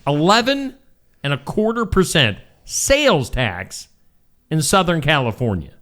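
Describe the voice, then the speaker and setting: Male co-host, somewhat high voice with big pitch swings, playful banter. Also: big pitch swings, unhurried, fairly bright tone. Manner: joking, breaks into silly voices and singing. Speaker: radio show co-host. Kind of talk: casual morning show banter.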